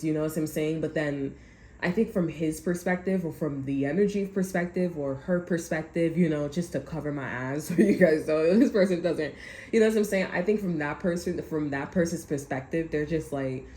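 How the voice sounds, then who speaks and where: Low-voiced rambling woman in an echoey room. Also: moderate pace, warm tone. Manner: rambling, profane, laughs often. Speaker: tarot reader. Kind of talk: casual vlog rant. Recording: echoey room with faint noise.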